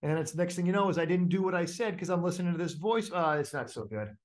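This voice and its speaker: This coach has a high voice and talks fast while leading a group call. He teaches casually and with animation, using lots of fillers and restarts and performing inner voices aloud.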